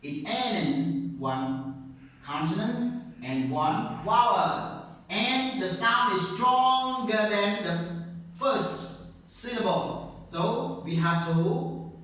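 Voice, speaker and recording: Slow, high-voiced man teaching, very echoey. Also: lively intonation, sharp tone. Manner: slow, repetitive, checks with "okay?" often; non-native English grammar. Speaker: English teacher. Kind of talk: grammar lesson. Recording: very echoey room, distant mic.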